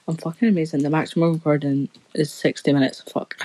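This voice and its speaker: A woman's voice: deep voice, fairly even intonation, a little fast, dark tone, poor audio. A young woman rambling through a story in casual chat, swearing constantly as a podcast co-host.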